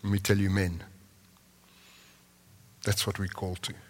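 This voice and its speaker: A man preaching a sermon in a large church hall, moving between impassioned lines and soft, prayerful tones. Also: deep voice, monotone, a little slow. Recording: long reverb of a large hall.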